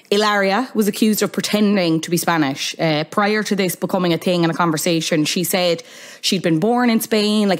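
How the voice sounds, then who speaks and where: An Irish woman hosts her podcast in a casual, chatty way. She drops wry little asides as she goes, and her voice sits slightly on the low side. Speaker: podcast host.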